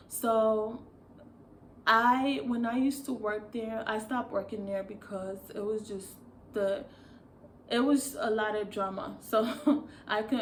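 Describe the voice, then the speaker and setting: A woman's voice: medium pitch, a little hiss or hum. Rambling woman vlogger in an echoey room. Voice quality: rambling, lots of fillers and restarts. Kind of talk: casual talk to camera.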